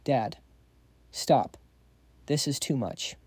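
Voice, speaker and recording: A man's voice: medium pitch, lively intonation, very slow, a little mellow, slightly rough, no echo, clean studio sound, heavily acted. A man voicing a young rich daughter who is cute, pushy and teasing. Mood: pleading. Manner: pleading and teasing.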